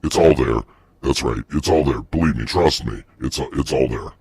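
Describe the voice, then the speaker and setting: A man voicing an irritable middle-aged ex-Area-51 scientist who sounds gruff and exasperated and keeps repeating himself. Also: a bass voice, normal speed, a little mellow, no echo, pitched below the performer's own voice, heavily acted. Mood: deadpan.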